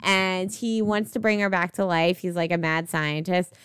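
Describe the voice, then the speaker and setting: A young woman co-hosts a casual podcast, rambling happily through movie talk with plenty of ums and the odd curse. Her voice is strikingly smooth and clear. It sounds close and dry, with no room around it. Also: fairly low pitch, normal speed, fairly bright tone, dry recording. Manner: chatty, rambling with many fillers and swearing. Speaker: podcast co-host. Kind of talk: casual chat about movies.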